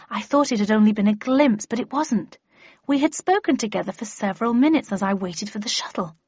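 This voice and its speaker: A woman's voice: a little high, no echo. A woman narrating a first-person audiobook in a wry, understated storytelling manner. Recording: dry, slightly muffled lo-fi recording.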